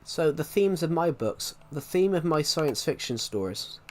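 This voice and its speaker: A man's voice: fairly high pitch, lively intonation, darkish tone. A young man chatting casually on a live stream while gaming, rambling and restarting his sentences. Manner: rambling, halting, many restarts.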